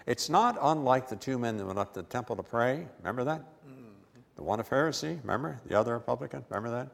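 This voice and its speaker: A man's voice: medium pitch, animated, fast, vocal fry, fairly bright tone, long reverb tail. A man preaching a sermon with emphatic stress and repeated words.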